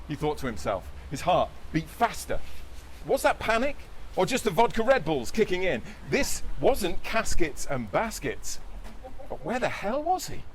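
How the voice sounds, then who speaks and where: A man's voice: high voice, a little hiss or hum. A man hosting a live podcast, reading a silly story aloud with a playful, laughing delivery. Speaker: podcast host.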